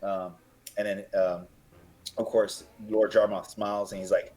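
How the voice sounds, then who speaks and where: A man runs a tabletop game, describing scenes in a loose, rambling way, restarting phrases as he goes. His voice sits fairly low. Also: flat delivery, unhurried, mellow, poor audio. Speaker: game master.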